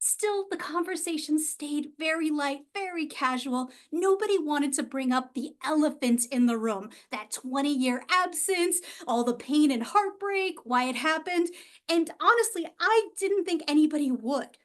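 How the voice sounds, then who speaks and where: A woman giving a humorous storytelling speech, wry and self-mocking, with dramatic pauses and sighs. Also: sits high, animated. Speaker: club speaker. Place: event hall.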